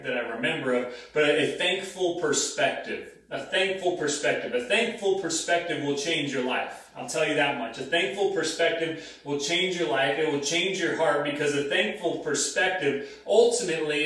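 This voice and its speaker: A man in his thirties preaches in a relaxed, conversational way, repeating his key phrases to drive them home. His voice sits a little high for a man. It rings around a very echoey church hall, picked up from some distance away. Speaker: pastor. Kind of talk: sermon. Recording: very echoey room, mic at a distance.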